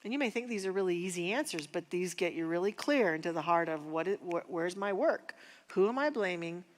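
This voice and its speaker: A woman minister teaching a spiritual class, speaking in an earnest, personal and unhurried way. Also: fairly low pitch, expressive, in a large hall. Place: church sanctuary.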